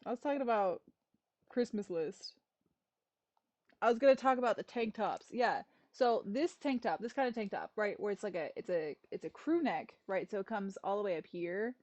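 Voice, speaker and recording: A woman's voice: medium pitch, lively intonation, moderate pace, a little mellow. A woman streamer chatting casually and rambling through a list, with exasperated little rants. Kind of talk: casual livestream chat.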